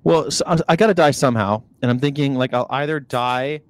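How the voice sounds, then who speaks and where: A man's voice: mid-range voice, fairly quick. A man co-hosting a podcast in casual chat, joking and swearing while he troubleshoots his earphone mic. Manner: profane, joking banter. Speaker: podcast co-host.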